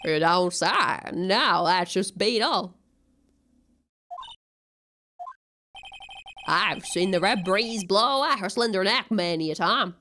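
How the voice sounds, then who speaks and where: A woman's voice: medium pitch, a little slow, bright, forceful tone, slight background noise. A woman voicing a laid-back male cowboy detective with a put-on Western drawl, reading game dialogue aloud. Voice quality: drawling, folksy.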